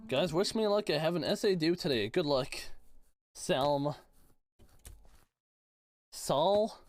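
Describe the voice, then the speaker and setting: A young man from Canada streaming a game live, chatting with viewers in a playful, teasing way and reacting quickly. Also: on the high side, lively intonation. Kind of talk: casual live-stream commentary reading chat.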